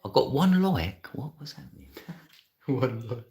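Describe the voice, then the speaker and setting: A man's voice: mid-range voice, big pitch swings, unhurried, gravelly, warm tone. A middle-aged man, chatting casually and laughing often as a livestreamer reads and answers his chat. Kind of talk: casual live stream chat.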